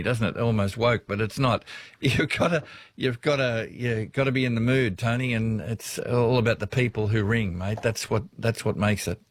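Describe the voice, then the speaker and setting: A man's voice: medium pitch, no echo. Australian male talkback host, rambling, laughs a lot, dead-dry studio voice. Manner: chatty, laughing, rambling anecdotes. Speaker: radio host. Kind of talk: casual talkback radio chat.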